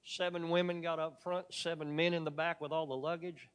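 Preacher guy giving a sermon, dramatic storytelling, big loud bits then quiet, echoey hall. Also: fairly high pitch, level tone, fairly quick, clear, resonant tone. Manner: dramatic storytelling, swinging between loud emphatic peaks and quiet asides.

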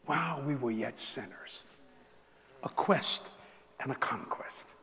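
An older man from South Louisiana with a Cajun accent, preaching a folksy storytelling sermon, animated and laughing as he tells stories. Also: mid-range voice, takes it slowly, long pauses, long reverb tail. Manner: animated, laughing, Southern drawl, rising to exclamations.

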